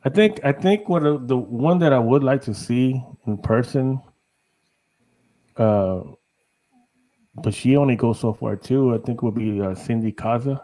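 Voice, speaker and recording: A middle-aged man from Texas talks as a podcast guest, loose and rambling. He laughs often and strings his thoughts together with "you know". His pitch sits in an ordinary middle range. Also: measured pace, long pauses, dark tone, low-quality recording. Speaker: guest, paranormal investigator. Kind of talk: casual podcast chat.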